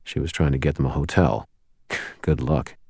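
Very deep-voiced male audiobook narrator. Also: normal speed, a little mellow, husky, dry recording. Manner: dry first-person storytelling. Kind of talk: scripted narration.

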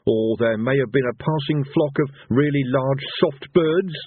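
A man's voice: mid-range voice, a little slow, husky, voice pushed up. A man voicing a weary, cynical wizard who speaks dryly and sarcastically, with a tinny, phone-like sound. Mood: sarcastic. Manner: dry, sarcastic.

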